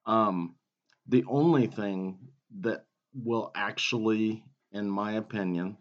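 Slow-talking laid-back man. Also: lowish voice. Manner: laid-back, swears often. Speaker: podcast co-host. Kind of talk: casual profane chat. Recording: muffled lo-fi podcast audio.

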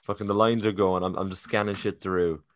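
A man's voice: sits low, little pitch movement, a little fast, dry recording. A young man co-hosting a podcast, telling a story in casual, profane, self-mocking chat. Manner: swearing, self-deprecating storyteller. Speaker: podcast co-host.

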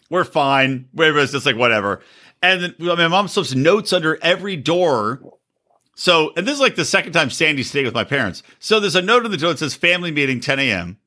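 A man's voice: a little high, lively intonation, fast talker, sharp tone. A man hosting a podcast, telling profane stories and teasing his co-host, laughing often. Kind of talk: crude casual banter.

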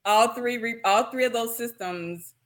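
A woman's voice: fairly high pitch, unhurried, fairly bright tone. A woman in her thirties, a pelvic floor physical therapist, chatting casually in an interview and laughing at herself often.

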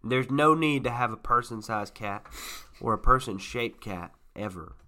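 A man co-hosting a casual podcast, self-deprecating with deadpan asides. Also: medium pitch, moderate pace. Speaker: podcast co-host. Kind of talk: casual chat.

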